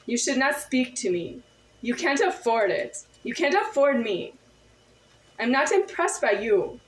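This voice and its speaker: A woman's voice: a little high, sing-song, unhurried, roomy sound, poor audio. A woman in a confrontational monologue to camera, firing off insistent, repetitive rhetorical questions.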